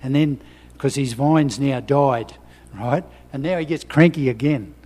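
A man's voice: mid-range voice, measured pace, a little mellow. Male preacher in a reverberant hall. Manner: conversational and personal, with frequent restarts. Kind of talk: sermon with Bible reading.

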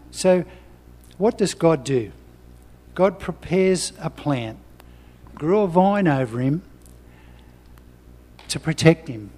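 A man's voice: a little high, darkish tone, big-room sound. A man preaching a sermon, reading scripture and talking personally in a conversational way with frequent restarts.

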